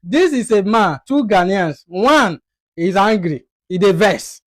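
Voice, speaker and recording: Commentator, reaction commentary, chatty, West African Pidgin mixed with English, middle pitch, dry close recording. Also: animated, takes it slowly, no echo. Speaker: video commentator.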